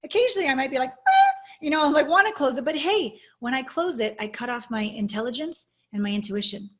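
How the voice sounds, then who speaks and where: A woman coach answering interview questions over a video call. Her voice sits a little high, and her delivery is earnest, reflective and openly emotional. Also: lively intonation, quick pace. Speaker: intimacy coach, guest. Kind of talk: interview storytelling.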